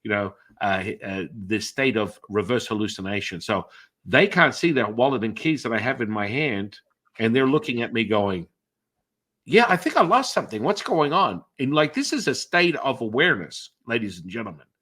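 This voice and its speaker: A man's voice: on the low side, normal speed. Middle-aged guy rambling thru stories on a podcast, lots of uh and you know, does the other people's voices. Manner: animated, acts out other people's reactions in shifted voices; rambling with frequent fillers and restarts. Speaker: podcast host and energy healer. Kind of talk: conversational storytelling in an interview.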